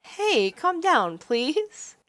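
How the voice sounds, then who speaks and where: A woman's voice: high voice, sing-song, very slow, a bit bright, no echo, voice pushed up, exaggerated voice. A woman voicing a flustered, stammering young heroine. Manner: stammering, pleading. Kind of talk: visual novel read-aloud.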